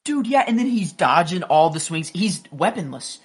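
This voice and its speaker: A man's voice: high voice, big pitch swings, moderate pace, over a noisy crowd. A man co-hosting a podcast, chatting casually and rambling about a TV episode, full of "like" and restarts, swearing freely. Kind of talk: casual chat recapping a TV episode.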